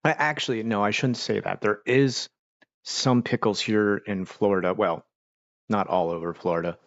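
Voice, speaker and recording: A man from Pennsylvania hosts a casual livestream, talking while he eats. He rambles and drifts off topic, with a lowish voice. His audio is dry and slightly muffled. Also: normal speed, no echo. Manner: rambling, chatty, talks while eating. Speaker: livestream host.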